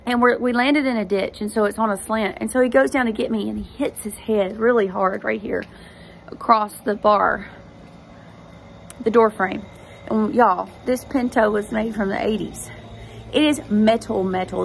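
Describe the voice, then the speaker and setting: A woman's voice: medium pitch, moderate pace, creaky, slight background noise. A woman, hosting a faith vlog and earnestly telling a personal testimony straight to her viewers. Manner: earnest, animated storytelling addressing viewers directly.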